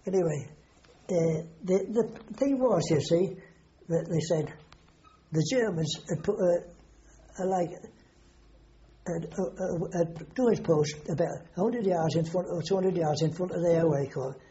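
A man's voice: high-pitched, measured pace, dark tone. An older man, recalling wartime memories in a rambling, salty way, swearing often. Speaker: war veteran interviewee. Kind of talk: oral history recollection. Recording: dull lo-fi recording.

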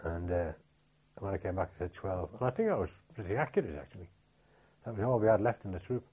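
An older man with a Liverpool accent tells his memories haltingly, with frequent restarts and fillers. His voice sits low and sounds husky. The recording is dull and lo-fi. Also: expressive, mellow. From Liverpool, England. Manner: halting, many restarts and fillers, plain-spoken. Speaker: veteran interviewee. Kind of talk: oral history recollection.

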